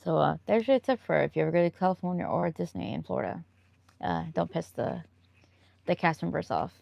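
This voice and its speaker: A woman hosting a relaxed live stream, chatting loosely with viewers and drifting from one story to the next with frequent laughs. Her voice sits low and has a gravelly, fried edge. The sound is close and dry, with no room echo. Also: a little fast, lo-fi sound. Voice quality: chatty and rambling, laughs often. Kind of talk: casual live-stream chat, answering viewer comments.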